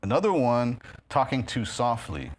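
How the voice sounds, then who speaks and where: A man from New York, with a mid-range, sing-song voice and a New York accent, speaks at a moderate pace as a guest speaker in a spiritist center's meeting hall. Addressing a live audience through a handheld or stand microphone, he's chatty and filler-heavy and laughs at his own jokes.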